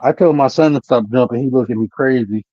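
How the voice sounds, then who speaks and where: A man co-hosting a live stream who talks in a relaxed, laid-back way and uses a lot of slang. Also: medium pitch, quick pace, dry recording, dull audio. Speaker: stream co-host. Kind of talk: casual chat. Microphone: streaming mic.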